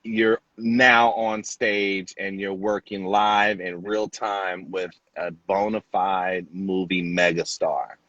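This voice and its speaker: A man, a hairstylist, telling a lively story in an interview and acting out the people in it. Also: low-pitched, slow pace, few pauses, no room sound, highs cut off. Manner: animated storyteller acting out quotes. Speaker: celebrity hairstylist, guest.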